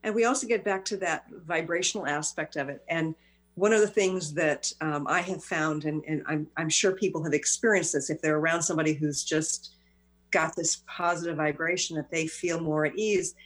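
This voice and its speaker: Low-voiced woman hosting talk radio. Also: fairly even intonation, normal speed. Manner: reflective, affirming listener. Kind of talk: casual interview chat.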